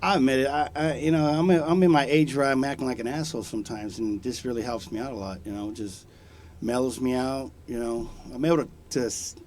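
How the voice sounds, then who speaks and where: A man's voice: medium pitch, fairly even intonation, brisk, a little mellow, a little hiss or hum. Laid-back, laughing man telling stories. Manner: laid-back, slangy and profane, laughs through his stories. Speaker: studio guest. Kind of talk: casual storytelling chat. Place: radio studio.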